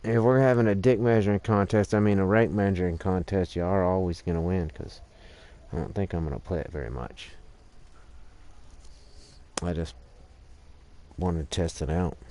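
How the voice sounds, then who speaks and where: With a low, mellow voice at a moderate pace and frequent pauses, a man chats with his stream viewers while gaming at home as dogs bark nearby. Stretching his sore right arm, he rambles and curses freely, addressing both chat and his dogs.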